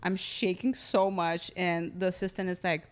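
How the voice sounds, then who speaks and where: Animated woman telling a wild story. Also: on the low side, moderate pace. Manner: animated, acts out quotes. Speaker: comedian guest. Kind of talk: casual storytelling chat.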